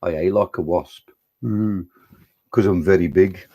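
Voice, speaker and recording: A man's voice: low voice, a little slow, warm tone, lo-fi sound, a little hiss or hum, pitched below the performer's own voice. A man with a Birmingham accent voicing a big, boastful male bumblebee in a bouncy rhyming poem.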